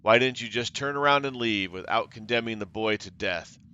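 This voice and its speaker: A man's voice: lowish voice, moderate pace, sharp tone, clean tone, highs cut off. A man voicing a cruel, taunting female cult leader while reading game dialogue aloud, with mocking theatrical delivery.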